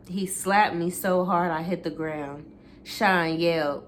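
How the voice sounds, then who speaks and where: A woman's voice: fairly low pitch, fairly even intonation, takes it slowly, a little hiss or hum. A woman reading a memoir aloud in a casual way, stopping now and then to correct herself and reread.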